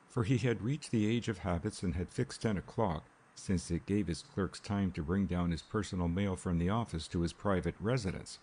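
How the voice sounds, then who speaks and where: Brief: male audiobook narrator, low-pitched and husky, steady measured reading. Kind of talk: scripted narration.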